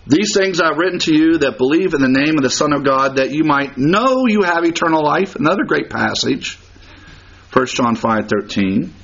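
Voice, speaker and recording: A man's voice: a little high, lively intonation, normal speed, vocal fry, a bit bright, slightly rough, highs cut off. A man preaching a sermon, hammering points through repetition and chuckling at his own jokes. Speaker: pastor.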